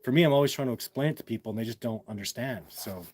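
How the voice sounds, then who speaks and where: A man's voice: mid-range voice, very fast, a little mellow, slight background noise. Emphatic man chatting on a livestream. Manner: emphatic, repetitive, addresses viewers as guys. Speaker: livestream host answering viewer chat. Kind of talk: casual livestream talk.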